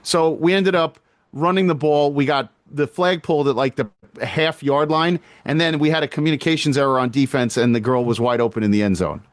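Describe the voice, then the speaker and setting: A male podcast co-host in loose, casual chat, telling his stories with lots of energy and plenty of swearing. His voice sits a little high for a man, and it is recorded close and dry with no room sound. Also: a little fast, no room sound. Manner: animated storytelling, swears freely.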